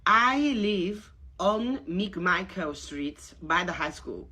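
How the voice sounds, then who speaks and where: A woman doing a pushy neighbor with a thick, odd foreign accent and broken grammar, phoning to complain. The voice is bright and forceful, with a breathy edge, and she presses on insistently. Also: on the low side, lively intonation, takes it slowly, full character voice. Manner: broken grammar, insistent, calls the other "honey". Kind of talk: prank call.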